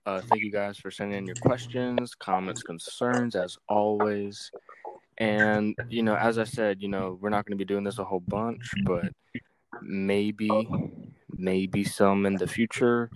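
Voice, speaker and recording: A man's voice: fairly low pitch, steady tone, a little slow. A young man co-hosting a casual podcast, rambling and giggly with lots of fillers. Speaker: podcast co-host. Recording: noisy home recording.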